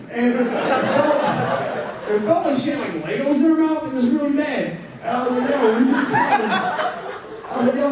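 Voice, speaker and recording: A young student comic with a very high, lively voice, telling rambling stories. He is heard from a distance in a heavily echoing hall, with crowd laughter rolling behind him. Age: young adult. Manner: rambling, filler-heavy storytelling. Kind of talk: stand-up comedy. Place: large university hall, live audience. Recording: echoey hall, distant mic, audience laughter.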